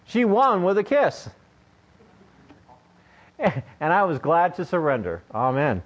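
Older preacher with a high-ish voice. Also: male voice, sing-song, slow. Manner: conversational, joking, asks the listeners questions. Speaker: pastor. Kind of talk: sermon. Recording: dull lo-fi recording.

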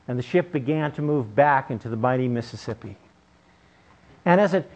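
A man's voice: on the high side, low-quality recording. A male preacher delivering a sermon, telling a story in an emphatic way.

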